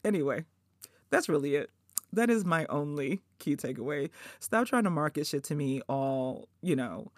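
A woman's voice: low-pitched, sing-song, moderate pace, a little mellow, no room sound, studio quality. A woman in her forties hosting a podcast in casual chat, swearing freely, laughing often and putting on mock outrage. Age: 40s. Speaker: podcast host.

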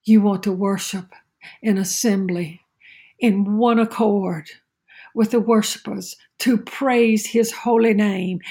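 A woman giving a short sermon in a slow, emphatic preaching manner, repeating a refrain. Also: medium pitch, mellow, breathy edge.

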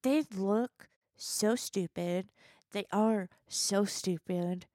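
A woman's voice: medium pitch, extremely slow, dark tone, no echo, studio quality. A woman co-hosting a comedy podcast, chatting about a movie in a giggly way and trailing through her thoughts. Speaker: podcast co-host. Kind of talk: casual comedic movie review chat.

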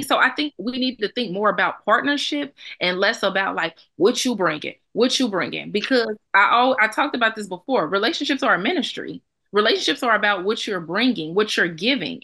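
A woman's voice: on the high side, bright, forceful tone. A young adult woman co-hosting a podcast, talking bluntly and emphatically with plenty of profanity. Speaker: podcast co-host. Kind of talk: casual podcast chat.

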